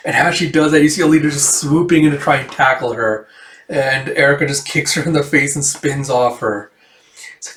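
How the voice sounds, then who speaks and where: A man's voice: on the high side, a little fast, fairly bright tone. A man in a casual, rambling read-through of a comic, retelling the panels with many fillers. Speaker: comic reviewer. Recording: roomy echo, distant mic.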